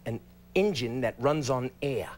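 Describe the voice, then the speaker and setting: A man's voice: medium pitch, animated, a little slow, heavy background noise. A man in his thirties, a guest actor telling a self-deprecating story on a talk show.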